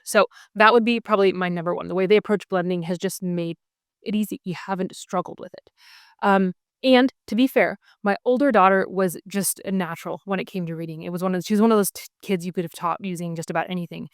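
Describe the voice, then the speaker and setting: With a fairly low voice and fairly even intonation, a woman in her thirties briskly explains her homeschool curriculum choices in a casual video. Warm and eager, she goes step by step, saying um often. The sound is dry and studio-clean.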